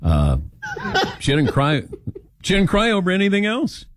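Older man, radio show host, expressive storyteller, dry close sound. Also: high-pitched, unhurried, no echo. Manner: animated storyteller, acting out quoted lines. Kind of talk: casual talk radio chat.

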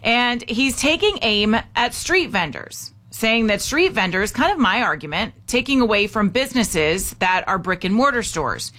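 On morning talk radio, a woman host speaks in a bright, forceful tone that sits on the high side. She's chatty and opinionated, riffing on the news and repeating the call-in number over and over. Her delivery is very animated, at a moderate pace with hardly any pauses.

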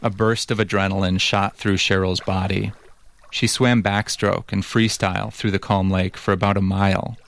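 Deep, flat-toned male narrator. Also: gravelly, a little hiss or hum. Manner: measured, even storytelling. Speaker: reporter and narrator. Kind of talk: scripted documentary narration.

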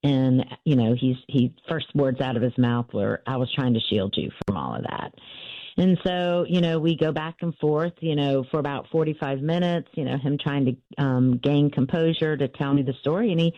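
A woman's voice: deep voice, moderate pace, few pauses, dry recording. Woman author telling a family story, earnest, lots of ums, dull lo-fi dry sound. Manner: earnest, with frequent fillers and restarts. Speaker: author and interview guest. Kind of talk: personal storytelling in an interview.

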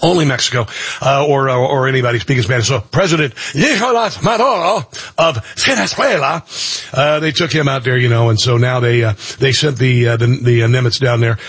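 A man's voice: mid-range voice, little pitch movement, fast, slightly rough, no room sound. A man hosting a talk radio show, giving blunt, rambling commentary full of restarts and filler words.

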